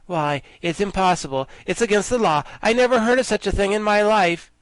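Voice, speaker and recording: A man's voice: high-pitched, fairly quick, dry recording, pitched above the performer's own voice, lightly acted, poor audio. A man doing a fussy, pompous gatekeeper. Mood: indignant. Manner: fussy, indignant and condescending. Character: pompous fussy man guarding city gates.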